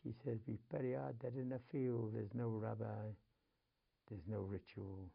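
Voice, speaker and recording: Telling a family story as an interview guest, this older man from Manchester, England has a husky, gravelly voice and a Manchester accent. His voice sits lowish and his delivery is flat at a moderate pace, though he's emotional, moving between whispers and urgent bursts. The recording sounds dull.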